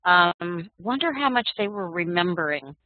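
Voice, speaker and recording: A woman's voice: on the low side, animated, normal speed, no room sound. Woman musing aloud on a tinny line. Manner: thoughtful, musing, with fillers. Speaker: class participant. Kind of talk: group discussion.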